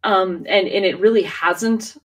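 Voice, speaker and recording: A woman's voice: mid-range voice, measured pace, far from the mic. A woman co-hosting a podcast in casual chat, talking loosely with many fillers and restarts and laughing often. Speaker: podcast co-host.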